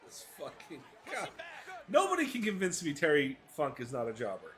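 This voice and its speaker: Man, podcast co-host, animated pitch, joking, profane, casual chat. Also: normal speed.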